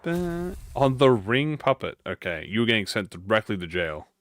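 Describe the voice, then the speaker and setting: A man giving casual gameplay commentary, excitable and joking, swearing freely. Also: fairly low pitch, normal speed, no room sound, soft background music. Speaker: gaming YouTuber.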